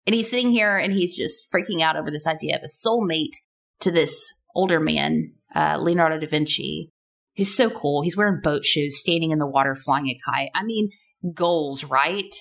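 A woman's voice: low voice, moderate pace, gravelly, a bit bright. A woman in her thirties hosting a casual solo podcast, chatty and playful, full of rhetorical questions. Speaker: podcast host.

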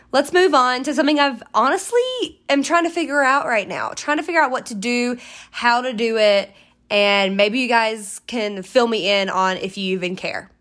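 A woman's voice: a little high, a bit bright. A woman, hosting a casual solo podcast, chatty and rambling with upbeat, encouraging gushing. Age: 20s. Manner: chatty, rambling, self-interrupting. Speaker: podcast host.

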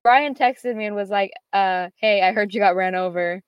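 A woman's voice: mid-range voice, normal speed, clean tone, no room sound, dull audio. A teenage girl chatting casually, telling a long story full of fillers and quoted back-and-forth. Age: teens. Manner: rambling, filler-heavy, quotes others. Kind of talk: casual chat.

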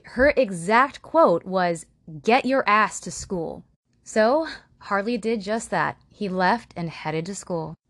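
A woman tells a true-crime story with a sarcastic, profane edge, mocking the people in it. Her pitch swings widely, and the sound is close and dry. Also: no room sound. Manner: sarcastic, blunt and profane, mock voices for quotes.

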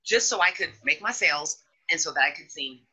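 A woman hosting a podcast in casual chat, candid and animated, now and then slipping into high mocking voices. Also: fairly quick, slightly rough. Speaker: podcast host. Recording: dull lo-fi audio.

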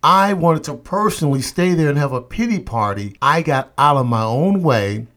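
A man's voice: on the high side, expressive, moderate pace, a bit bright. Motivational host, man, emphatic storyteller, leans on repetition. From St. Louis area, USA. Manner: emphatic, repeats refrains for effect. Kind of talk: personal storytelling talk.

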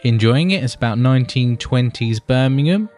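A man's voice: mid-range voice, expressive, normal speed, darkish tone. A British man co-hosting a podcast in casual chat. He rambles and swears, keeps calling his co-host buddy, and has faint music behind him.

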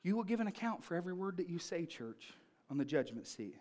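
A male pastor preaching a sermon, telling family stories in an animated, punchy way. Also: sits high, fast.

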